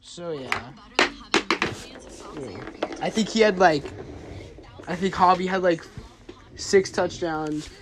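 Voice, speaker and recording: A man's voice: high-pitched, animated, slow, long pauses, heavy background noise. A young man telling a rambling, profane story in a casual way, with lots of fillers and trailing off. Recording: music playing behind.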